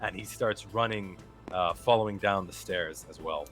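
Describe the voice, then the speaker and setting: A man narrating a tabletop game as game master, relaxed, laughing often. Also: sits low, moderate pace, faint music behind.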